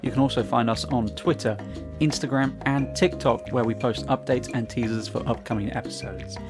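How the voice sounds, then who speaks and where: A man's voice: medium pitch, steady tone, normal speed, music in the background. A man hosting a podcast, moving between casual chat and an easygoing reading of the outro. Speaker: podcast host.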